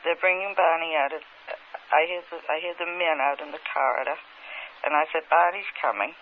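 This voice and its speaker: Woman, hypnosis subject, halting dreamy recall with restarts; thin, phone-like archive tape with light hiss. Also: sits low, fairly even intonation. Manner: halting, hesitant speech with many restarts; slow, dreamy present-tense recall. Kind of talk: recounting a memory under hypnosis. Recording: tinny old archive tape with faint hiss.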